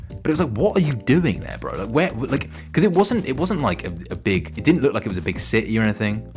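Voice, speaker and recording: Young guy streaming, crude rambling jokes, voice jumps all over, low-ish, faint music behind. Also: expressive, fast. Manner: crude, joking, rambling banter. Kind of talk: casual gaming stream commentary.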